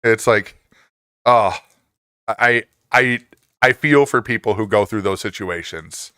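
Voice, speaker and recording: A man in his forties chats casually with his live stream viewers, reading out their messages, laughing a lot and jumping up in pitch when he gets excited. He talks slowly, and the tone is clean, echo-free and studio quality.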